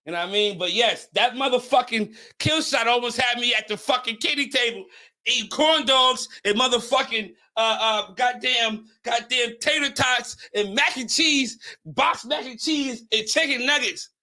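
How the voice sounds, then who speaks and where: A man's voice: very high-pitched, normal speed, sharp tone. A man hosting a podcast, telling a long story in a casual, rambling way, swearing a lot and tripping over his words. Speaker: podcast host.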